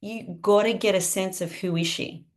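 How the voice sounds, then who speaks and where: A woman leading a live online training for her sales team over a video call, chatty and lively, often asking her listeners questions. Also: mid-range voice, normal speed.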